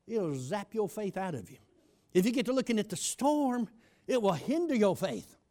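A man preaching a storytelling sermon, shouting and slowing down for emphasis. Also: high voice, sing-song.

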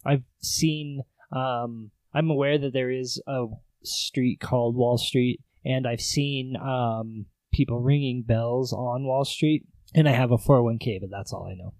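A man co-hosting a podcast, laid-back, cracking deadpan jokes and laughing often. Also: medium pitch, measured pace, hardly any pauses, no echo. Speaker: podcast co-host. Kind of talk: casual chat.

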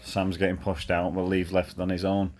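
A man tells a rambling night-out story in a voice message, his voice deep and held in a narrow range. He fills gaps with "uh" and keeps a cheeky, laddish tone, with faint music in the background. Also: monotone, moderate pace, a little mellow. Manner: chatty, laddish, full of fillers. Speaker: caller sending a voice message.

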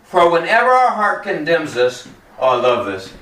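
A man preaching in a lively, swooping voice that sits a little high for a man. He talks to the room like a friend, tossing in jokes and acting out quick dialogues. The sound is roomy and picked up from a few steps back. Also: distant mic. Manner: animated and conversational, joking, acting out quotes. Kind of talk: sermon.

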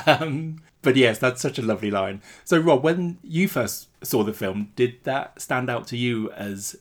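Enthusiastic man co-host, casual film chat, quick to laugh. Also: medium pitch, lively intonation. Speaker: podcast co-host.

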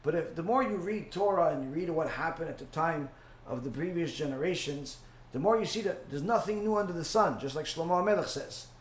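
A man leads a religious class and takes questions, stopping often on fillers and saying his main points twice. His voice sits a bit high for a man. The room around him is echoey. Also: lively intonation, slight background noise. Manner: halting, many fillers, repeats key phrases. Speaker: rabbi teacher. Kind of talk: Torah class Q&A.

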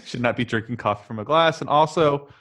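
A man's voice: medium pitch, fast talker, fairly bright tone. A man co-hosting a casual movie podcast, blunt and jokey, swearing freely as he picks at the film. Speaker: podcast co-host. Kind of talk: casual movie review chat.

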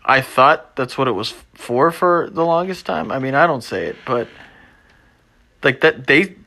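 A young man hosting his own show, ranting off the cuff with constant swearing, moving between low mumbles and loud agitated outbursts. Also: expressive, a little slow. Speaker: podcast host. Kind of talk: unscripted ranting monologue.

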